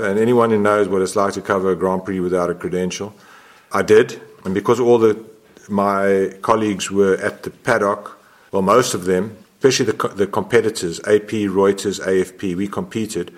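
Rambling animated older man telling a story. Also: on the low side. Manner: rambling, self-correcting, animated. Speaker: motorsport photographer guest. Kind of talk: interview storytelling.

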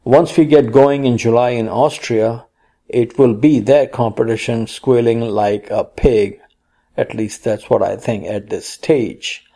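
Mellow-voiced man reading racing news. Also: medium pitch, fairly even intonation, measured pace. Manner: reads news items and quotes aloud, playful puns. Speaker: co-host. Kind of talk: casual news chat.

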